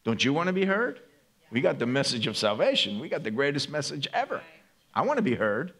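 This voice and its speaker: A man's voice: mid-range voice, big pitch swings, brisk, a bit bright. A male pastor preaching a sermon in a conversational way, often checking in with the congregation by asking "right?".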